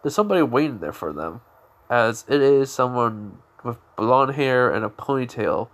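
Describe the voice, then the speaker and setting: A man spinning an improvised fan-fiction story off the top of his head, rambling and stopping to correct himself. His voice sits at a medium pitch for a man. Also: lively intonation, normal speed. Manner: rambling, many fillers and restarts.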